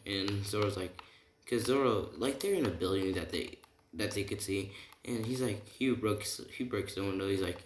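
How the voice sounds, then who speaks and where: Deep-voiced man rambling through a story. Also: normal speed. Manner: rambling, retells dialogue with lots of "he's like" and "right?". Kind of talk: casual fan-fiction storytelling. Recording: echoey room with keyboard typing noise.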